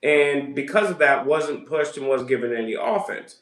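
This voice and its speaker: A man's voice: mid-range voice, moderate pace, a bit bright, roomy sound. A man hosting reaction commentary, mocking and sarcastic as he picks apart a story. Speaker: commentary host.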